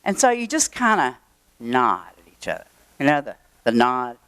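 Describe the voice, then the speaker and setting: An older woman with a drawl tells a personal story before a live audience, chatty and full of wry asides. Her voice is smooth and clear, with a dry, close sound. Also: extremely low pitch, huge pitch swings, normal speed, fairly bright tone, dry recording. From Texas. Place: event room.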